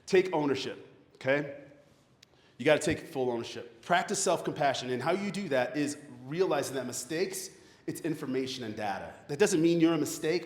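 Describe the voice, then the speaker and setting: A man giving a motivational speech to a graduating class, an animated storyteller who keeps asking the audience questions. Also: medium pitch. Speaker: motivational speaker. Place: large hall with an audience. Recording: echoey hall, long reverb.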